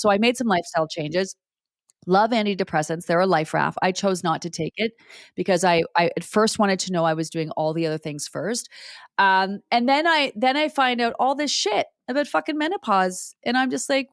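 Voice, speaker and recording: A woman in her forties, a podcast guest, telling personal stories in a blunt, profane, animated way with frequent restarts. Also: mid-range voice, fairly quick, no room sound, clean studio sound. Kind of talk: candid conversational storytelling.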